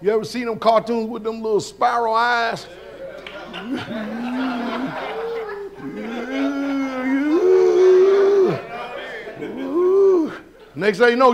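Man preaching a sabbath sermon, really high voice, folksy and lively, keeps asking the church questions. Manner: folksy, animated, shouts and laughs; questions the congregation.

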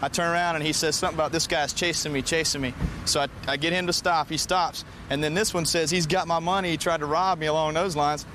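A male police officer giving calm, firm, repeated commands and explaining a street stop. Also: on the high side, fast, hardly any pauses. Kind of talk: on-duty commands and commentary. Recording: outdoor street noise.

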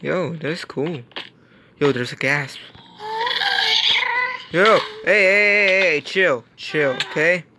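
A man giving Minecraft gameplay commentary, excitable and yelling in frustration. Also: fairly high pitch, takes it slowly, long pauses, background noise. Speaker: gaming YouTuber.

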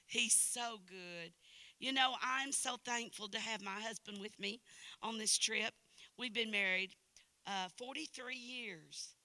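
Guest preacher, woman in her 60s, folksy and chatty, very bright voice, dry close sound. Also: on the high side, unhurried, no echo. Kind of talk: sermon with personal anecdotes. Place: church.

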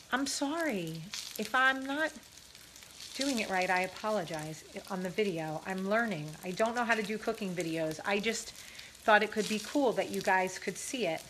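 A woman's voice: fairly high pitch, background noise. Chatty woman vlogging over a sizzling pan. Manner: chatty and self-deprecating, many fillers. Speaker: vlogger cooking on camera. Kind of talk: casual self-filmed cooking vlog. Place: home kitchen, frying at the stove. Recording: home kitchen with loud sizzling. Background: sizzling frying pan.

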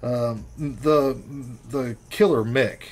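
A man co-hosts a casual podcast and reviews a film bluntly. He swears often and talks with plain, offhand energy. His voice is mid-pitched. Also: very slow, darkish tone. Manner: blunt and profane. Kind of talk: casual chat.

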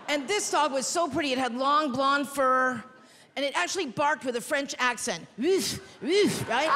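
A woman comedian doing a stand-up set with brash, self-mocking punchlines on a theater stage. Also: high voice. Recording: reverberant hall, loud audience noise.

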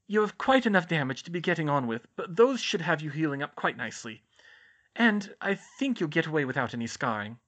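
High fussy matron played by a man, brisk audiobook nurse. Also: very animated, fairly bright tone. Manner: fussy, quick, exclaiming. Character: brisk motherly school nurse, middle-aged woman. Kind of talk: audiobook character voice.

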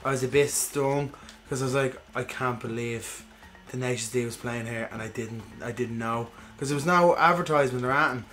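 Man, casual gaming chat, swears a lot, animated storyteller. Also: medium pitch, a little fast, soft background music. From Ireland. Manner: swears freely, animated storytelling with acted-out quotes. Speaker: gaming podcast co-host. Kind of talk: casual chat while playing a game.

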